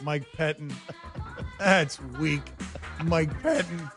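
A fairly high-voiced man hosts a sports talk show with loud music running behind him. He jokes and laughs freely and jumps up into shouts. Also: extremely slow. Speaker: host. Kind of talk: casual sports radio chat.

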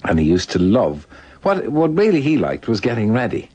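A man's voice: mid-range voice, wildly swooping pitch, moderate pace, mellow, muffled recording. An older Irish man telling stories in a radio conversation, laughing often and slipping into little voices. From Ireland. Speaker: guest author.

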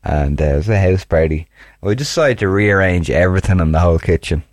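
A man co-hosting a podcast in casual chat, talking haltingly with many restarts and teasing his partner. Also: deep voice, no echo. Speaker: podcast co-host.

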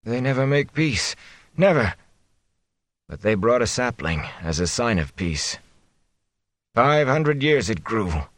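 A man's voice: fairly low pitch, animated, unhurried, a bit bright, dry recording, pitched above the performer's own voice. A man voicing a wounded older man who mutters angrily in a fever, faint and barely audible. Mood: feverish.

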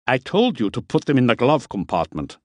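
A man's voice: medium pitch, wildly swooping pitch, a little fast, a little mellow, dry recording, pitched above the performer's own voice. A man doing an impatient, angry guest.

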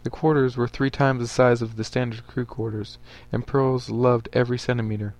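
A man narrating a story aloud for a podcast. His voice sits at an ordinary middle pitch, and his reading stays steady and even. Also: brisk.

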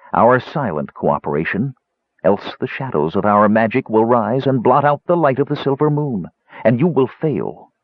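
A man's voice: breathy edge, no room sound, lo-fi sound. A man playing a scornful, cold sorceress. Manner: scornful, cold, low-voiced. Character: proud female black-robed sorceress, cold and scornful.

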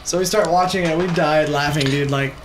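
A man's voice: a little high, fairly even intonation, fairly quick. A man hosting a podcast, telling a story in casual chat and laughing often as he talks. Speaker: podcast host. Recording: roomy echo, faint noise.

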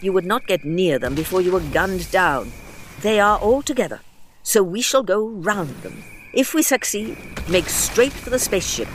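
A man's voice: sits high, lively intonation, moderate pace, a bit bright, a little hiss or hum. A man voicing a stern female soldier leader who speaks curtly, snapping out orders. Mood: commanding.

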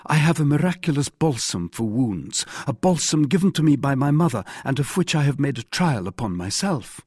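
A man's voice: medium pitch, sing-song, normal speed, a little mellow, slightly rough, no echo, clean studio sound, pitched above the performer's own voice. A man voicing a polite, bold young male swordsman in an audiobook, talking earnestly and formally.

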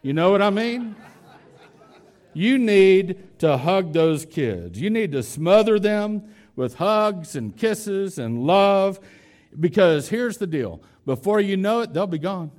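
A man's voice: sits high, expressive, slow, a little mellow. A man preaching a sermon as pastor, emphatic, repeating key phrases and speaking straight to his congregation. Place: church hall with a congregation.

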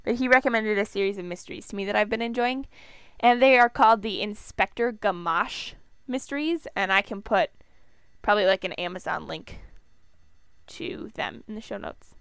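A woman's voice: mid-range voice, moderate pace, a bit bright, smooth, dry recording. A young woman with a Minnesotan accent, co-hosting a podcast in a chatty, rambling way. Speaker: podcast co-host. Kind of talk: casual chat.

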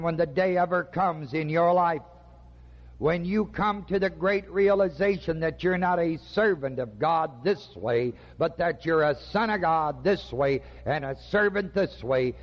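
A man preaching a sermon slowly and emphatically, with dramatic pauses. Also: on the high side. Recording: dull lo-fi recording with long hall reverb.

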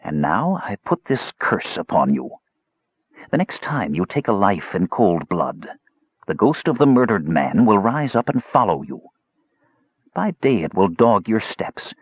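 A man voicing Raistlin, a soft-spoken cold young mage. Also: fairly low pitch, slightly rough, no echo, highs cut off. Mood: menacing. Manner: soft, whispering, cool.

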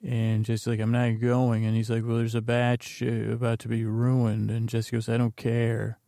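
A man's voice: medium pitch, completely flat delivery, normal speed, creaky, dark tone, dry recording, studio quality. A man hosting a podcast, casually retelling a TV episode in a rambling, jokey way with loose quoted voices. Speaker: podcast host. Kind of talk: casual comedic episode recap.

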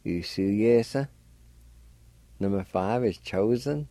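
A man's voice: fairly low pitch, slow, long pauses, mellow, dry recording. A man teaching language on the radio, patiently spelling out and pronouncing words letter by letter. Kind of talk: slow spelling and pronunciation lesson.

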